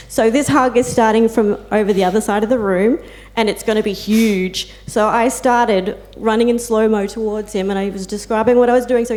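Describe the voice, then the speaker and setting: Mujer australiana contando historias con sentimiento. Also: female voice, on the high side, fairly even intonation, moderate pace, darkish tone. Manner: heartfelt storytelling with fillers and quoted asides. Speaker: peer support volunteer and carer speaking on a panel. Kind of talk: personal talk to an audience.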